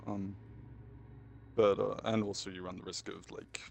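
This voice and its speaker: A man's voice: fairly low pitch, little pitch movement, normal speed, gravelly, a little mellow, a little hiss or hum. A man chatting casually while streaming a game, rambling and hesitant, full of fillers and slang. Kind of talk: casual gaming chat. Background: game music.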